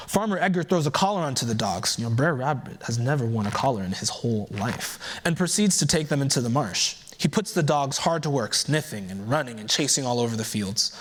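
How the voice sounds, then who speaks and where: A man giving a keynote by telling a folktale aloud in a relaxed storytelling manner, adding conversational asides as he goes. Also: medium pitch, a little fast, few pauses. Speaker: keynote speaker. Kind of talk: oral storytelling.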